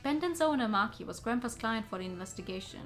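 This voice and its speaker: A woman voicing a determined young man on a case in a mystery game, earnest and steady, asking question after question with quiet resolve, in a fairly high voice, with faint music playing underneath. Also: fast talker. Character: young male detective, grandson, determined and earnest. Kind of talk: reading game dialogue aloud.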